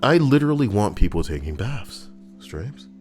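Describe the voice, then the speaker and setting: A man's voice: fairly low pitch, big pitch swings, normal speed, a little mellow, faint music behind. A man streaming live, chatting casually and joking with viewers, rambling and swearing. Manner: rambling, jokey, swears freely.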